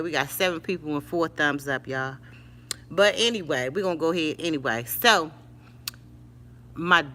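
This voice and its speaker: An older woman tells a story to her live-stream viewers, casual and animated, calling them y'all and honey. Her voice is medium in pitch.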